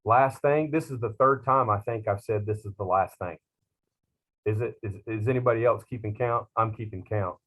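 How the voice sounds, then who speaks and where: A middle-aged man, a culinary instructor talking to his class in a slow, rambling, self-teasing way with many fillers. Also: lowish voice, fairly bright tone. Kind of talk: class talk to students.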